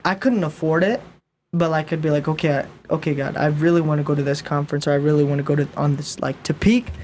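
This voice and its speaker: Man, young adult, higher voice, casual storytelling, quotes coworkers, faint background hiss. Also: fast talker. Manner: animated storyteller, acts out coworkers' lines. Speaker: podcast co-host. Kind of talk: casual chat.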